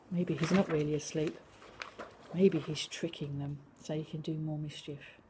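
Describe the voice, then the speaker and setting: An older woman reading a picture book to young children, sing-song and animated, now and then dropping to a whisper. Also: deep voice, normal speed, a little hiss or hum.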